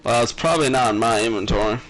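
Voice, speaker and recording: A man playing a game with friends over voice chat, talking in a quick, matter-of-fact way. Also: mid-range voice, fairly bright tone, soft background music, poor audio. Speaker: co-player. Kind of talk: casual gaming chat.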